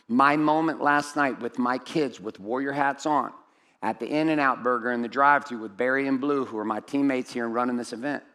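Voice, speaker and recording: A middle-aged man giving a blunt, profane motivational talk on stage to a room of men, swinging from loud outbursts to low, intimate asides. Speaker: event speaker.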